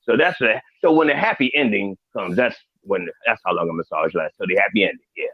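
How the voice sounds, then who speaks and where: Improvising in character in a studio, a comedic guest voices a profane, rambling older reverend who drops preacher-like asides. His expressive voice is fairly low and quick, pitched below his own natural voice, and the audio is dull; the mood is mixed.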